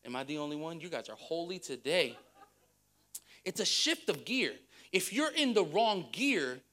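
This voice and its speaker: A woman pastor preaching a sermon, reading scripture and joking with the congregation in a lively way. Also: medium pitch.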